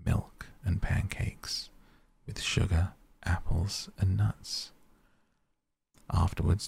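Low gravelly guy reading a bedtime fairy tale real softly, husky and half whispery, flat and calm. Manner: soft, slow, half-whispered at times. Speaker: sleep podcast reader. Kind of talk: softly spoken bedtime storytelling.

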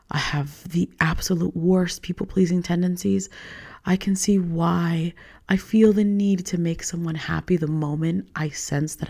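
Young woman host, sick and hoarse, gravelly and mellow, chatty self-mocking solo podcast talk. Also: fairly low pitch. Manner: chatty, self-mocking, drifts into whispery asides. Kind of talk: casual solo podcast chat.

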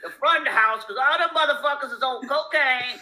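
Man putting on a high, loud, brassy kitchen cook who calls everyone out. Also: fairly quick, rough recording. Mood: mocking. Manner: loud, mocking and blunt. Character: brash woman prep cook calling out the staff.

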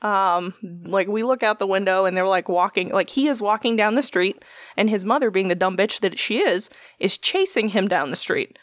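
A woman's voice: medium pitch, normal speed, no room sound, studio quality. A young adult woman telling a long story in casual chat, swearing often and acting out what people said. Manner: profane, animated storytelling with quoted voices.

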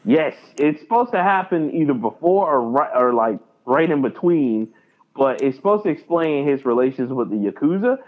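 A man co-hosting a podcast in casual chat, animated and excitable, acting out his reactions. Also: mid-range voice, normal speed. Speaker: podcast co-host. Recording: tinny phone-like line.

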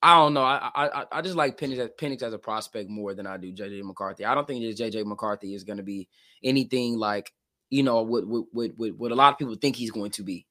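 Emphatic man with a bright voice. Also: fairly low pitch, fast. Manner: emphatic, blunt, repeats words when fired up. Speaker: co-host. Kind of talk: casual sports podcast discussion.

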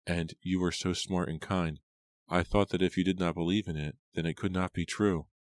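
A gentle, anxious young woman, read by a man, soft-spoken and tender. The voice stays very deep and dry, close to the mic, with little change made for her. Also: steady tone, moderate pace, dry recording, natural voice.

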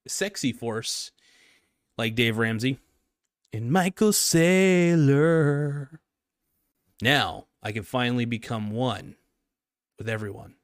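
A man's voice: mid-range voice, fairly bright tone, no echo, studio quality. A young man hosting his own podcast, chatting casually in a rambling, jokey, self-mocking way. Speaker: podcast host. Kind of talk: casual solo podcast chat.

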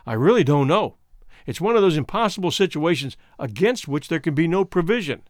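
A man voicing a scheming, smooth-talking man who speaks with deliberate, mock-polite slowness. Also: fairly high pitch, lively intonation, darkish tone, dry recording, studio quality, close to an everyday voice. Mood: smug. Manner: deliberate, judicial, mock-apologetic.

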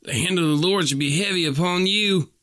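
A man's voice: lowish voice, moderate pace, bright, forceful tone, clear, resonant tone, no echo, studio quality. A man voicing a sanctimonious young male suitor with a nasal, preachy, smirking way of talking. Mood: fiery.

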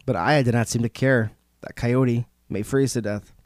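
A man's voice: mid-range voice, fairly even intonation, normal speed, a little mellow, no echo. Joking male podcast storyteller, dry sound. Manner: loose, joking retelling.

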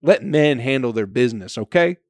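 A man's voice: medium pitch, lively intonation, normal speed, no echo. Male podcast comedian; loose, profane storyteller with a mid-range voice and a dry sound. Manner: profane, rambling storytelling with frequent fillers. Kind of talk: casual comedic monologue.

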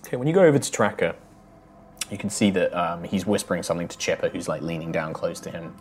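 A man's voice: low-pitched, fast. A man acting as game master, narrating a tabletop game with frequent ums and restarts. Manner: hesitant, filler-heavy narration.

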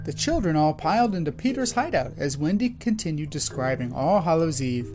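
Lively woman reading a storybook. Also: sits low, fairly quick, hardly any pauses, faint music behind. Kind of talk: scripted storybook narration.

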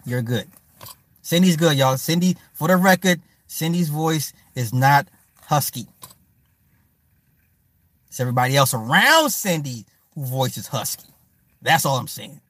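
A man's voice: fairly high pitch, animated, a little slow, pauses often, fairly bright tone, no room sound. A man hosting a livestream, riffing casually with loose, profane jokes and answering viewers by name. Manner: talks to viewers and chat by name. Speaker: livestream host. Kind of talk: casual commentary chat.

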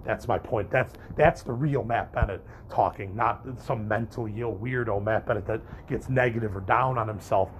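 A man's voice: fairly low pitch, normal speed, few pauses, slight background noise. A young man vlogging in a candid, rambling monologue to his viewers, swearing freely and restarting his sentences as he goes. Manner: candid, profane, rambling with frequent restarts and fillers. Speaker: vlogger and podcaster.

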